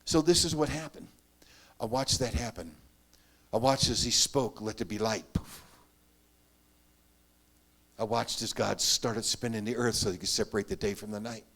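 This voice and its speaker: A man preaching a sermon, telling his story earnestly, rising to loud emphatic bursts and dropping to hushed asides. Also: mid-range voice, normal speed, pauses often. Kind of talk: sermon testimony.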